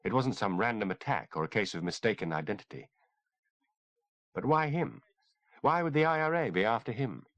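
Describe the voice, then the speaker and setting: A man narrating a horror audiobook in a dramatic, expressive reading. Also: on the low side, normal speed, long pauses, no echo, muffled recording.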